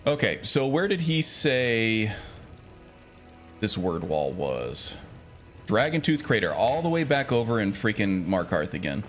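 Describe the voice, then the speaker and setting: Low-voiced man chatting while gaming. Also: very animated, measured pace, faint music behind. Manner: rambling, chatty, with frequent fillers and chuckles. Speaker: game streamer. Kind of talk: casual gameplay chat.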